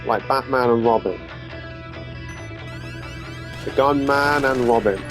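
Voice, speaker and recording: A man's voice: medium pitch, slow pace. A man giving goofy, rambling commentary while playing a game, swearing freely. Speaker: gaming video host. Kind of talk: casual gameplay commentary. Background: game music and sounds.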